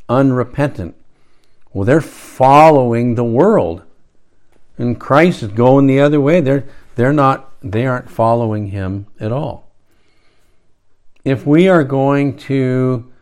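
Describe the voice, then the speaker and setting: Guy preaching real slow and loose, trails off and restarts, keeps asking right?. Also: mid-range voice, darkish tone. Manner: rambling, with restarts and rhetorical asides. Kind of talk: conversational sermon.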